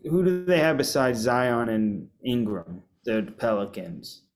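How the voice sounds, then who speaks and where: A man in an easygoing sports chat, talking in loose, rambling sentences. He trails off and restarts often and swears in passing. His voice sits at an ordinary middle pitch. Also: very animated, unhurried. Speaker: podcast guest fan. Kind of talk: casual chat.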